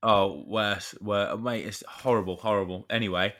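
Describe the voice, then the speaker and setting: Low, bright-voiced man telling a story. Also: steady tone, normal speed. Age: 30s. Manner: rambling storyteller, chatty with mild swearing. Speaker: podcast co-host. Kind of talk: casual chat.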